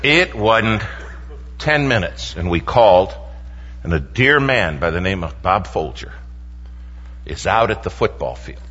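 A man telling an animated story to a congregation and acting out the voices. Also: deep voice, measured pace, pauses often, slight background noise. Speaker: speaker to a congregation. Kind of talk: storytelling sermon. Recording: dull sound with long hall reverb.

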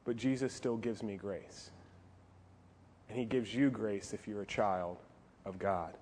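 A male pastor preaching to teenagers in an animated, jokey style with playful asides. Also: lowish voice, a little slow, slight background noise. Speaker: youth pastor. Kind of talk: youth sermon.

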